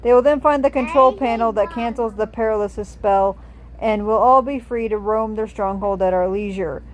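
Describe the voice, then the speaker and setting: A woman narrating as she reads a text adventure game aloud, in a steady, clear manner. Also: a little high, moderate pace, slight background noise, poor audio.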